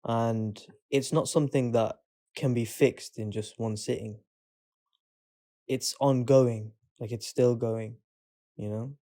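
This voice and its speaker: A man co-hosting a casual podcast, speaking at a middle pitch. He talks in a relaxed, musing way and often lets his sentences trail off. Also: slow pace. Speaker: podcast co-host. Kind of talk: casual chat.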